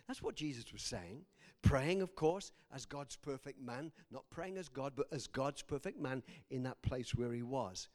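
A man preaching a sermon, animated and laughing between lines, swinging from loud exclamations to hushed, quiet passages. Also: medium pitch, moderate pace.

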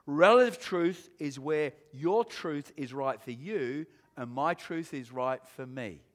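High voiced guy preaching, gets loud and punchy, keeps asking the church amen?. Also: takes it slowly. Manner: emphatic preaching, rising to shouts; addresses congregation with questions and amens. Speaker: pastor. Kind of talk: sermon.

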